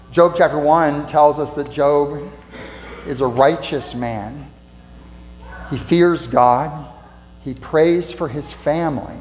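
A pastor giving a conversational sermon in a church, asking rhetorical questions and repeating lines for emphasis. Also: male voice, mid-range voice. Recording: echoey hall with mains hum.

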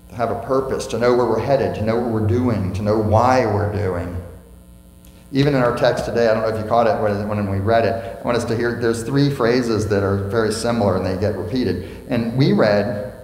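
In an echoey church hall with faint mains hum, a man with a lowish, slightly mellow voice preaches from a church sanctuary at a moderate pace. As pastor, he delivers the sermon emphatically, asking the congregation questions and driving home key phrases by repeating them.

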